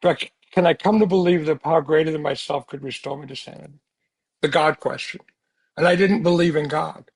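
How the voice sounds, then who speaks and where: Husky man telling his recovery story. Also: on the high side, a little fast. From United States. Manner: earnest, animated storytelling with rhetorical questions. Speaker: speaker sharing recovery story. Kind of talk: recovery meeting talk.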